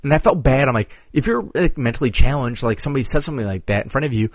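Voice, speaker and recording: A man hosts a casual podcast and tells a story with lots of cursing. His voice is a little husky and rises and falls a lot as he acts out what people said. The audio is dry and a bit dull. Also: mid-range voice, rapid-fire, no echo. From Chicago area. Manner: animated, crude storytelling with profanity and acted-out quotes. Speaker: podcast co-host.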